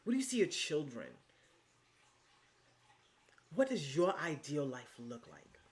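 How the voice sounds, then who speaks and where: A woman's voice: very animated, measured pace. A woman vlogger giving casual, motivational life advice, emphatic and repetitive, with swearing and endearments thrown in. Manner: swings from low and hushed to high and loud.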